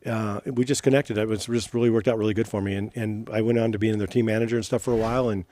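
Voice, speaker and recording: A middle-aged man talks quickly as a guest in a casual interview, rambling and often restarting his sentences. His voice is dark and mellow, recorded close and dry. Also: fairly low pitch, steady tone, no echo. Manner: rambling, self-correcting. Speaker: guest, retired racer.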